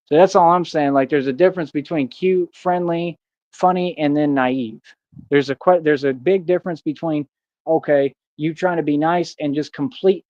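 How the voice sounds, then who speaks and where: A man's voice: on the high side, darkish tone, no room sound. A man ranting defiantly in a boastful monologue, full of street slang and taunts aimed at his critics. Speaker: streamer. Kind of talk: confrontational monologue. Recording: dull dry sound.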